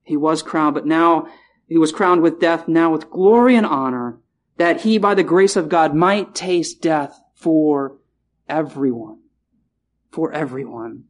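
A man preaching a sermon in a chapel, repeating key phrases and slowing down to stress words. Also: a little high.

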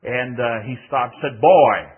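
An older man preaching, telling a story from his youth in an animated voice that swings between loud and hushed. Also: fairly high pitch, normal speed, slightly rough. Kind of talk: sermon testimony. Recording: tinny phone-like sound.

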